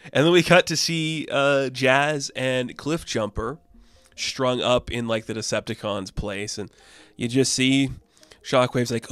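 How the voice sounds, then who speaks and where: A man's voice: medium pitch, fairly even intonation, a little slow, fairly bright tone, smooth, no echo. A man chatting casually through a comic book review, rambling and filling gaps with "like". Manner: rambling, many "like" fillers.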